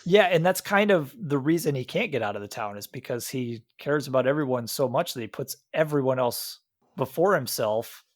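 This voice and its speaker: With a mid-range, lively voice at a moderate pace, this young podcast co-host chats loosely about a movie. There's no room sound; he keeps restarting his sentences and performs quotes as he goes.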